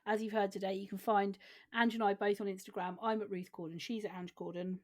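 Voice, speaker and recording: A woman's voice: mid-range voice, little pitch movement, a little fast. A woman, co-hosting a podcast in casual, giggly chat and swearing freely. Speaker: podcast co-host.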